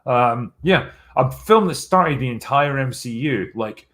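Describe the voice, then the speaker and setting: A man's voice: mid-range voice, animated, a little slow, a bit bright. A man hosting a live stream, chatting casually through viewer messages in a blunt, sarcastic way with plenty of swearing.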